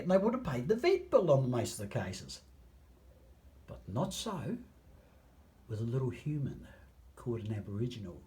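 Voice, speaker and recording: A man with a New Zealand accent delivers a passionate appeal straight to his viewers, his voice sitting at an ordinary middle pitch. He slows down to lean on key phrases, then drops to near-hushed asides before building back up. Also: huge pitch swings. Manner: emphatic, slow drawn-out phrases, swings between loud and hushed. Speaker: campaigner addressing viewers. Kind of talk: impassioned appeal to camera.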